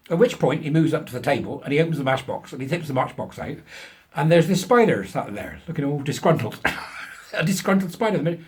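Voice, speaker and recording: A man's voice: medium pitch, animated, fairly quick. A man hosting a commentary show, ranting crudely and then telling a joke he laughs at himself. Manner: crude, ranting, laughs at his own jokes. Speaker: host.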